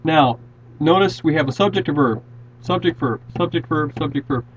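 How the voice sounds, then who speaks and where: A man's voice: on the high side, normal speed, slight background noise. A man teaching a grammar lesson, patiently walking through example sentences and often restarting his words. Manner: patient, repeats and restarts words while explaining. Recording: dull lo-fi classroom recording.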